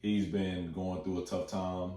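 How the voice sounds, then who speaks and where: Young man, fairly low voice, excited slangy movie chat, swears a lot; echoey room, mic set back. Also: measured pace, recorded from a distance. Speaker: movie talk host.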